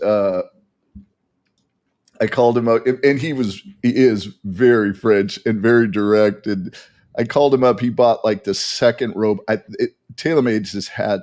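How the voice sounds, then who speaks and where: A man telling animated, rambling stories as a guest in a casual podcast chat. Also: medium pitch, moderate pace. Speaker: golf equipment testing guest.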